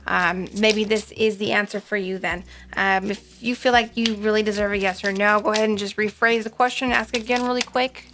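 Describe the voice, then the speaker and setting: A woman's voice: mid-range voice, fairly even intonation, a little fast, hardly any pauses, noisy background. A woman doing a casual pick-a-card tarot reading, chatty and rambling, with frequent ums. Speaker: tarot reader.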